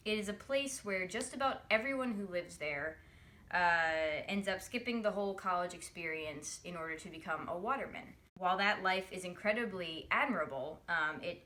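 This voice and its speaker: A woman's voice: on the low side, sharp tone, slight background noise. A young woman addressing the camera in a chatty, earnest way, with frequent fillers as she tells a friend's story. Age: young adult. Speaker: college student telling a friend's story. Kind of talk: direct-to-camera video message.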